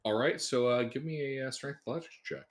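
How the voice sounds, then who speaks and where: A man's voice: mid-range voice, brisk. A man narrating as game master in a tabletop game, cracking puns and laughing at his own jokes.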